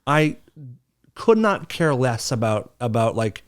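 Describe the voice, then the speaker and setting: A man with a mid-range voice co-hosting a casual podcast chat. He jokes with deadpan sarcasm and keeps asking his co-host questions. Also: medium pitch, takes it slowly, smooth. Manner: joking, deadpan sarcasm, asks lots of questions.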